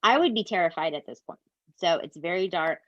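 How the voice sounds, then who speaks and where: A woman, co-hosting a podcast and retelling a true crime story in an animated, casual way that includes swearing. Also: lowish voice, fairly quick, no echo, lo-fi sound. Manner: animated, swears, addresses listeners as "you guys". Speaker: podcast co-host.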